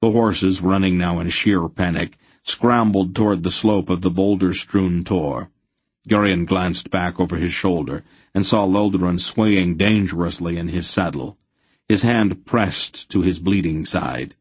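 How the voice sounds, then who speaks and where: A man reading a fantasy audiobook in measured, dramatic narration. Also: sits low, husky, no room sound. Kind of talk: scripted narration.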